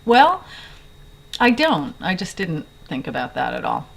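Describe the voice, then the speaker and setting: A woman tells a story straight to a handheld camera from her bedroom, her voice sitting a bit low. She rambles along with plenty of fillers and keeps correcting herself mid-sentence. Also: huge pitch swings, measured pace, vocal fry, breathy edge. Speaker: video blogger. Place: bedroom in an old house.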